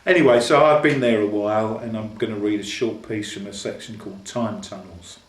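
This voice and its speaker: A man's voice: fairly low pitch, steady tone, a little fast, a little hiss or hum. A man in his sixties from London reading from his own memoir in a dry, understated way. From London, England. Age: 60s. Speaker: author. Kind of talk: book reading. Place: reading event, indoors. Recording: echoey room.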